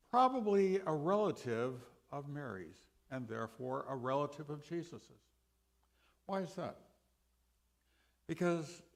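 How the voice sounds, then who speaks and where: A man teaching a sermon session in a church, deliberate, with emphatic rises and quiet drops. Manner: slow, deliberate, dynamic rises and drops in pitch and loudness. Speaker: guest Bible teacher.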